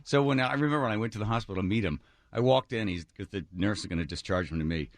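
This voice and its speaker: A man's voice: lowish voice, fast talker, no room sound. A man hosting a radio talk show, telling a personal story and acting out what others said. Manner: animated, acts out quotes of others. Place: radio studio.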